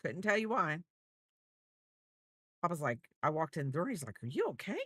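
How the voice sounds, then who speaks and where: A woman's voice: sits low, expressive, normal speed, pushed and bright, no room sound, clean studio sound. A woman crochet streamer in a rambling, chatty livestream, talking to her viewers. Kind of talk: casual livestream chat.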